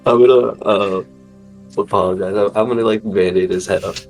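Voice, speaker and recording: A man's voice: lowish voice, steady tone, brisk, soft background music. A man casually describing his character's actions in a tabletop game, swearing freely. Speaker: player.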